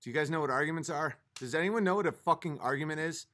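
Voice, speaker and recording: A man's voice: a little high, fast talker, pushed and bright. A man hosting a livestream, arguing with his chat in a profane, exasperated rant, a little tipsy from a few drinks. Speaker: livestream host reading chat.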